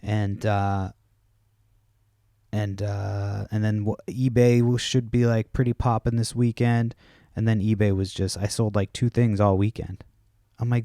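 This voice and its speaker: Low-voiced guy rambling on his podcast, swears a lot, dry close sound. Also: monotone, a little slow, mellow, no room sound. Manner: casual, profane, acts out quoted people. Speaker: podcast host.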